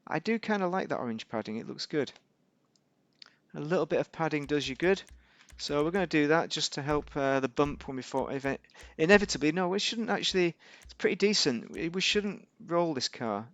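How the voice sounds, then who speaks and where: A man's voice: a little high, expressive, fairly quick, a bit bright, no echo. Rambling man narrating gameplay. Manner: rambling, self-correcting, wry asides. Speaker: gaming YouTuber. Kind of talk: casual gameplay commentary.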